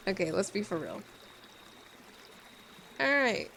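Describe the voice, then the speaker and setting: A woman's voice: mid-range voice, lively intonation, moderate pace, long pauses, a bit bright, slight background noise. Jokey woman playing a game. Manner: jokey, sarcastic asides. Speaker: gaming YouTuber. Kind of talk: casual let's-play commentary.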